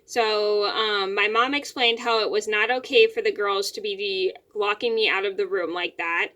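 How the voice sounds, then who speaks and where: A young woman vlogger speaks to her camera from her bedroom, rambling through a story about home and often repeating and restarting her words. Her mid-range voice is sharp-toned, with fairly even intonation and normal speed.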